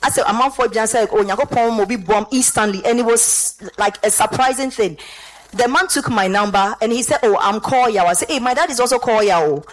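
A woman with a Ghanaian accent giving an animated church testimony, slipping between English and Twi. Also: a little high, brisk, poor audio.

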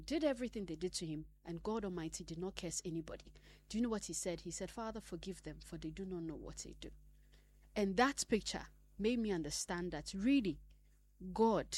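A woman preaching a sermon, swinging between loud exhortation and hushed whispers. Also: medium pitch.

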